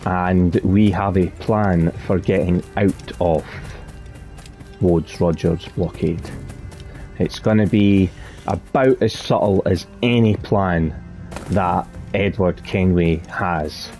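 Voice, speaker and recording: Low mellow guy rambling through a let's play, chatty, keeps restarting his sentences. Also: slow, faint music behind. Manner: chatty, rambling, self-correcting. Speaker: gaming channel host.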